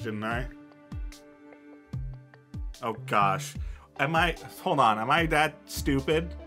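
A man's voice: fairly high pitch, pushed and bright. A man casually commenting on a game as he plays, chatty and self-mocking, with lots of fillers and laughs. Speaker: gamer playing and reading dialogue aloud. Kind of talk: casual let's-play commentary.

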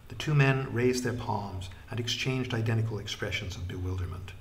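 A man narrating an audiobook in a measured way, trailing into a breathy hush at phrase ends. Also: on the low side, a little hiss or hum.

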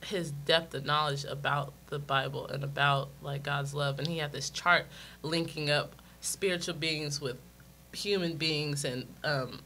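A woman from Los Angeles, a guest on an interview show, telling a story casually and quoting others in a raised, animated voice. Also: low voice, a little slow, slight background noise. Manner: animated, quotes people in a raised voice, laughs often.

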